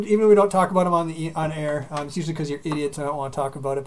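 A man hosting a casual podcast, joking and crude and quick to laugh. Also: on the high side, steady tone, slight background noise. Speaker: podcast host.

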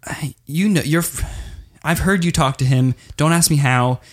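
A man playing a flustered, suspicious wife in an improvised tabletop game, stammering and hurried. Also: a little high, natural voice. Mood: accusing. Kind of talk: improvised role-play.

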